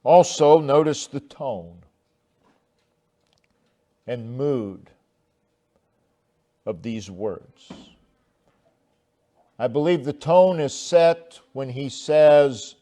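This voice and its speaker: A man preaching a sermon, slow and deliberate, with long pauses and swelling emphasis. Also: mid-range voice, mellow. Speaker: pastor.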